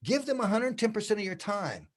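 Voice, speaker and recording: A man in his sixties, a hairdressing educator, telling stories in a casual interview and acting out the quoted dialogue with lively energy. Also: high-pitched, fairly quick. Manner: animated, acts out quoted dialogue.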